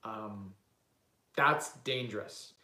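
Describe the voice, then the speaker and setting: Speaking extremely slowly, a young man from Canada uses a fairly low, pushed and bright voice while hosting a casual livestream Q&A. The real estate investor rambles self-assuredly with many fillers and restarts, and the echoey room adds a roomy sound.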